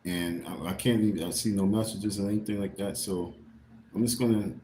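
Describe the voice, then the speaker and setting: A man's voice: fairly low pitch, steady tone, fairly quick, warm tone. A man on a casual livestream, tired and irritated, rambling and repeating himself as he talks to his viewers. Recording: roomy with faint background noise.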